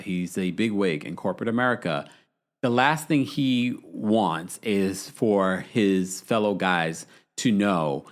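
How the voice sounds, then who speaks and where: A man hosting a live-stream reality TV recap, chatting casually and reading out viewer comments. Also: fairly low pitch. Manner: chatty, animated, reads viewer super chats. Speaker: podcast host.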